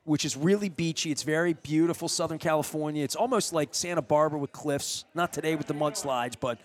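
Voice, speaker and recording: A middle-aged man hosts a radio interview in a restaurant, his voice a little high with fairly even intonation and a brisk pace. It's casual interview chat, and he tells a long story loosely, rambling and restarting many times.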